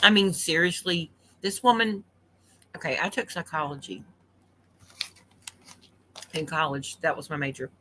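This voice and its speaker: A woman streaming from home late at night, her voice bright and forceful as she delivers an opinionated commentary rant. She is blunt and indignant, hammering her points by saying them twice. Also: sits low, a little slow, long pauses, a little hiss or hum. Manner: indignant, blunt, repeats herself for emphasis. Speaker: livestream commentator.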